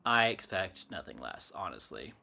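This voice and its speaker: A man's voice: deep voice, sing-song, normal speed, vocal fry, pushed and bright. A man hosting a casual spiritual chat from his desk at home, meandering and correcting himself as he talks. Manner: meandering, self-correcting, chatty. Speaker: channel host. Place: home desk with computer and lamp.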